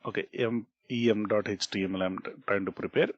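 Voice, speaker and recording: A man's voice: fairly low pitch, steady tone, fairly quick, dry recording, muffled recording. A man with an Indian English accent teaching a programming tutorial, repeating key points and checking in with "okay" and "right?". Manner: explanatory, repeats points, frequent "okay" and "right?", restarts words. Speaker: programming instructor. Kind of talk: screen-recorded coding tutorial.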